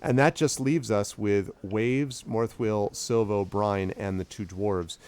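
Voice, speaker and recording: A man's voice: fairly low pitch, steady tone, slow, a little mellow. A man narrating as dungeon master for a tabletop game, enthusiastic and rambling.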